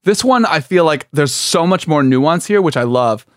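A young man with a fairly high voice co-hosts a casual podcast, giggling and rambling as the champagne kicks in. His voice is dry and close, with no room sound. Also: animated, normal speed, no room sound. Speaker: podcast co-host. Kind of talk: casual comedic chat.

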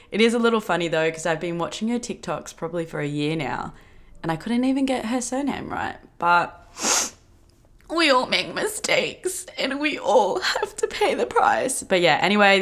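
A woman's voice: mid-range voice, fairly bright tone. A woman in her twenties with an Australian accent, hosting a podcast in casual chat, bubbly and gushing and swearing freely. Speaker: podcast host.

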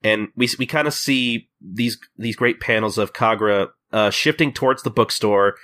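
A man hosting a podcast, retelling a manga chapter in casual chat and slipping into quick character voices. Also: on the low side, pushed and bright. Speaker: podcast host.

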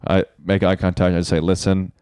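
A man's voice: on the low side, lively intonation, fast. A young man, a guest comedian, chatting casually on a podcast as a rambling, joking storyteller.

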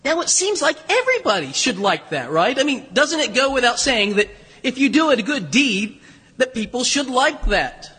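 A high, bright-toned man preaching a sermon, his voice slightly husky. He tells the story in a loose, conversational way with humor and frequent restarts. The sound rings with the long reverb of a church. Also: big pitch swings, moderate pace. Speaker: pastor. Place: church sanctuary.

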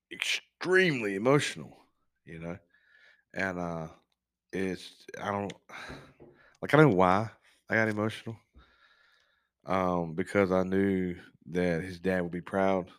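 A man hosting a casual podcast, telling a personal story in a halting, candid way with frequent swearing. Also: sits low, fairly bright tone, no echo, studio quality. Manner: works as an on-call technician, speaks plainly about long shifts. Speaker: podcast host.

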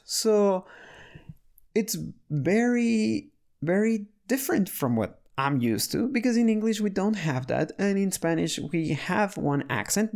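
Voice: medium pitch, creaky, darkish tone. A speaker casually telling a story about learning a language, chatty and full of restarts and fillers.

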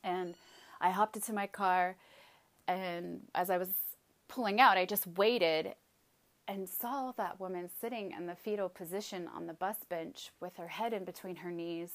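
A woman's voice: lowish voice, steady tone, moderate pace. A woman telling a personal story with emphatic, vivid retelling, acting out her own outbursts.

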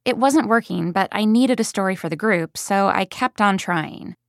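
A woman's voice: medium pitch, normal speed, no room sound, clean studio sound, lightly acted. Woman reading as a mother telling her story. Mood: storytelling. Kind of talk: audiobook first-person reading.

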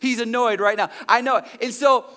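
A man's voice: very high-pitched, fairly even intonation, fairly quick, sharp tone. A male pastor giving a sermon in a conversational way, full of restarts and asides, in church.

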